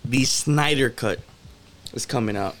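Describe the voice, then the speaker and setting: A man's voice: mid-range voice, unhurried, a bit bright, a little hiss or hum. A young man co-hosting a casual podcast with friends, joking, swearing and trailing off mid-sentence. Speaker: podcast co-host. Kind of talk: casual banter among friends.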